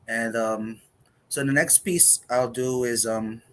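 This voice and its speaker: A man performs spoken word poetry thoughtfully and deliberately, leaving pauses; he is a poet who grew up in the US with half Dominican and half Puerto Rican roots. His medium-pitched voice holds a steady, fairly bright tone.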